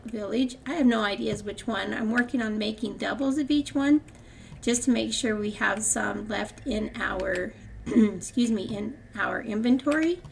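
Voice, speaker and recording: A woman's voice: fairly high pitch, gravelly, slight background noise. An older woman hosting a gaming channel, chatting casually through her gameplay with frequent laughs and rambling restarts.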